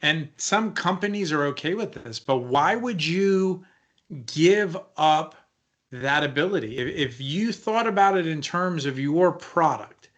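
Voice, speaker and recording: A man with a slightly higher-than-usual voice talks through leadership ideas on a podcast. He is animated and emphatic, often putting rhetorical questions to his co-host. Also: unhurried. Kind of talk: casual podcast conversation.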